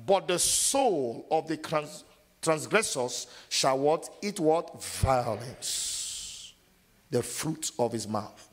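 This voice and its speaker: A male preacher with a slightly high, husky voice works the congregation, leaving verses unfinished for them to answer. His sermon rings through a hall with a long reverb tail. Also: animated, takes it slowly. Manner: call-and-response preaching, asks the congregation to finish verses; acts out scenes in loud sudden shouts. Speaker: pastor.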